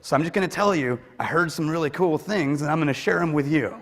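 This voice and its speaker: A man's voice: a little high, fast, a bit bright. A man giving a joking, conversational and self-deprecating conference talk to a large audience in a hall. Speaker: conference speaker. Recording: echoey hall with long reverb.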